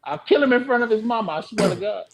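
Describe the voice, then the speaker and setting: A man talks on a podcast panel, his voice sitting high and leaping wildly up and down. He is heated and profane, sliding from low mutters into loud outbursts. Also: fast, a little hiss or hum. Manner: heated, swings from low and quiet to loud shouting; profane, animated storytelling. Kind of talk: casual panel chat.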